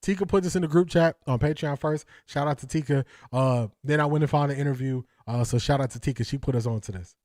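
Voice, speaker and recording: A male livestream host giving casual, slangy sports commentary to his chat, animated and often laughing. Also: mid-range voice, quick pace, hardly any pauses, dry recording, clean studio sound.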